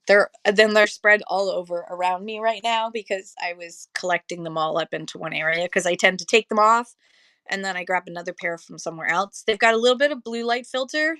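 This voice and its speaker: A woman holding her phone indoors and chatting casually on a seller livestream, rambling and correcting herself with quick laughs. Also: medium pitch, sharp tone, dry recording. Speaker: online live-auction seller. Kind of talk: casual livestream chat and demo. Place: indoor room with shelves. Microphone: handheld phone.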